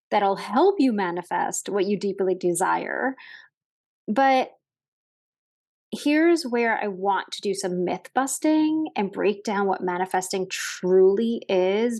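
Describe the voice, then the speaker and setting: A woman's voice: mid-range voice, a little mellow. A woman hosting a casual motivational podcast from a hotel room, talking in a chatty, upbeat way with fillers and light laughs. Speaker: podcast host. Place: hotel room, sitting at a desk.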